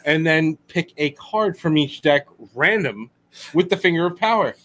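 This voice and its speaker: A man's voice: on the high side, expressive, normal speed, fairly bright tone. A man co-hosting a podcast in casual chat, playful and drawing out words for emphasis. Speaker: podcast co-host.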